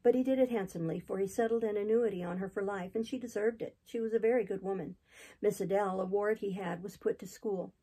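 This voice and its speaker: A woman's voice: mid-range voice, quick pace, mellow, husky, low-quality recording. A woman reader voicing a talkative, gossipy older male innkeeper who tells a long tale in a rambling, chatty way, for a classic novel audiobook.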